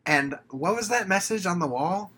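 A woman's voice: on the low side, animated, moderate pace, a bit bright, breathy edge. A woman chatting as a guest in a casual film review, with dry, laid-back remarks and occasional chuckles.

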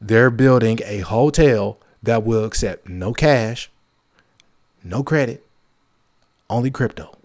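A man's voice: medium pitch, takes it slowly, long pauses, a little mellow. Emphatic man ranting to his audience. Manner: emphatic and repetitive, joking asides. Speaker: podcast host. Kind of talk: casual monologue.

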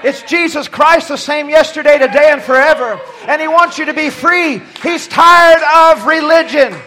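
Impassioned high-voiced male preacher. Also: moderate pace. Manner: impassioned, swings from shouting to near-quiet; stumbles and repeats words. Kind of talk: sermon. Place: church pulpit.

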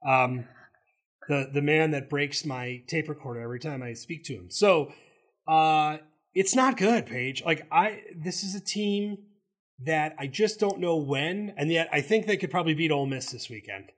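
A man with a Southern accent, co-hosting a casual sports talk show and cutting in with animated opinions. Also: on the high side, normal speed. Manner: animated, talks over his co-host. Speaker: co-host.

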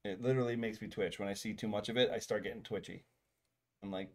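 A man's voice: lowish voice, fairly even intonation, fast, a little hiss or hum. A man co-hosting a podcast in casual chat, rambling and exasperated, laughing often. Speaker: podcast co-host.

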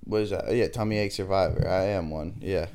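A man's voice: sits low, fast, gravelly, a little mellow, a little hiss or hum. A young man co-hosting a podcast, laid-back and a little defensive, with sarcastic casual banter. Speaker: podcast co-host.

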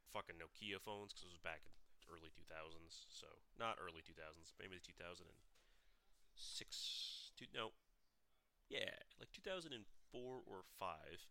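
Man hosting a solo podcast, deep voice, very sharp tense delivery, blunt and profane. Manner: blunt, profane, frequent restarts. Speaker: podcast host.

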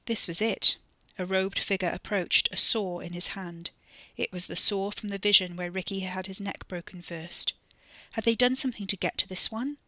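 A narrator and author reading a scripted horror story with steady, varied emphasis on a close mic. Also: mid-range voice, normal speed, dry recording.

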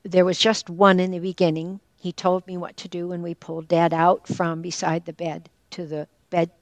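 Older pennsylvania woman telling a story on a podcast interview, lowish voice, earnest and frank, dry sound. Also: level tone, moderate pace, no echo. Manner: earnest, candid, tells a personal story and quotes others directly. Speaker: guest, caregiver and former teacher.

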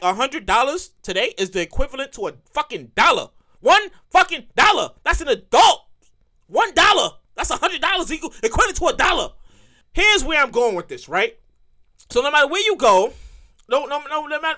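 A woman hosting a comedy podcast, ranting in a profane, animated monologue and repeating lines for emphasis. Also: high voice, fast. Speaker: podcast host and comedic writer.

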